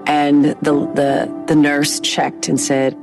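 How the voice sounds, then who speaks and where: A woman's voice: low-pitched, flat delivery, slow, creaky. A woman giving an earnest, reflective personal testimony in an interview. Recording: music bed underneath.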